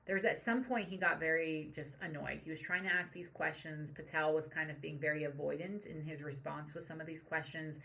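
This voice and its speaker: Woman, young adult, leadership coach doing solo commentary; deep, fry-heavy voice, reflective with lots of "like" and "um.". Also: fairly bright tone. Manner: reflective, analytical, frequent "like" and "um". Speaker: leadership coach and podcast host. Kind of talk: solo commentary on current events.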